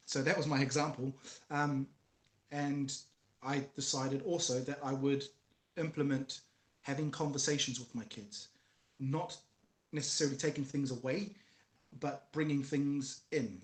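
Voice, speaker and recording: A man's voice: medium pitch, fairly even intonation, unhurried. Earnest storytelling man in echoey room. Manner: earnest, storytelling, acts out voices of his kids. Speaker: guest. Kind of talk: casual conversation about fatherhood.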